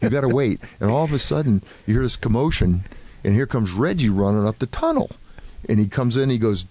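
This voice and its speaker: An older man, a former ballplayer, telling relaxed stories in an interview with plenty of fillers and restarts. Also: mid-range voice, fairly quick. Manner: relaxed anecdotal storytelling with many fillers. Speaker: former baseball player, guest. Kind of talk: casual storytelling interview.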